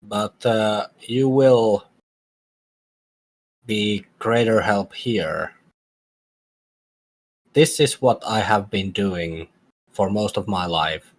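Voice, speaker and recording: Man playing a slow, stoic sneak expert. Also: lowish voice, low-quality recording. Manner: slow, halting, measured. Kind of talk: tabletop game character voice.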